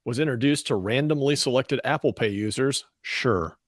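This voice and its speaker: A man co-hosts a radio talk show, chatting casually and delivering the news in a dry, matter-of-fact manner. His voice is medium-pitched and fairly quick, and the recording is dry.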